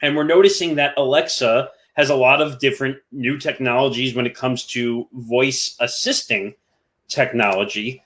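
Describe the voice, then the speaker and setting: An easygoing man of middle pitch co-hosts a casual chat show. He brings up news items and reads from them in a relaxed way. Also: normal speed. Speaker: co-host.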